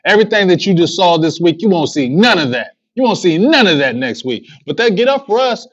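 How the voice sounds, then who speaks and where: A man's voice: high-pitched, big pitch swings, fairly quick, breathy edge, muffled recording. A man hosting a sports fan livestream, ranting with heated rhetorical questions and slangy trash talk. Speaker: sports show host. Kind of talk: fan commentary livestream rant.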